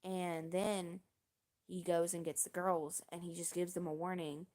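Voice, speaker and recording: Low-voiced woman rambling through a story. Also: flat delivery, darkish tone. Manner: rambling, halting, with many restarts and fillers; swears casually. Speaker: streamer. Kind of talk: casual storytelling on a livestream.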